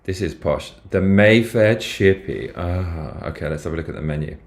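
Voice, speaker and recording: Speaking a little fast in a bass register, a British man chats on a live stream. He reads aloud and reacts with excitement, swearing without restraint.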